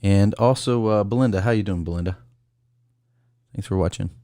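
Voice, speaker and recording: A man with a low voice hosts a casual call-in livestream. He rambles and reads a list aloud, stopping to greet viewers by name. The sound is dry and close. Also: normal speed, warm tone, no room sound. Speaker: call-in show host.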